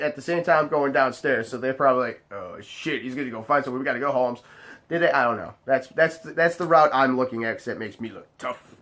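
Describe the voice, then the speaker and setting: A man who works as a bar bouncer, telling a story to the camera in a casual, profane, animated way. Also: medium pitch. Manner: profane, animated, acts out other people's voices.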